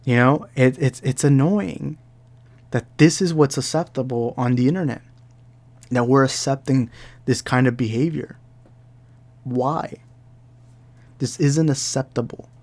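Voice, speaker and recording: A man's voice: mid-range voice, unhurried, pauses often, a little mellow. A young man giving heated commentary, ranting and repeating himself as he talks. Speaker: commentary YouTuber. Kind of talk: angry reaction commentary.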